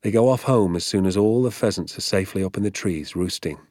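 A man voicing an excitable, scheming father in an audiobook, talking in a hushed, conspiratorial way. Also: low voice, quick pace, dry recording, clean studio sound, natural voice. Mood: plain. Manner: conspiratorial, hushed then fervent. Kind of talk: audiobook character voice.

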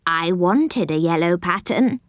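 A woman's voice: on the low side, expressive, a little slow, no room sound. Lady doing a pleased old witch, storybook style, lilting, dry sound. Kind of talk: storybook reading.

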